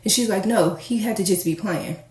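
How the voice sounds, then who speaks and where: A woman casually telling a personal story to her viewers, candid and animated as she acts out the dialogue. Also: medium pitch, brisk. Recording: echoey room, faint noise.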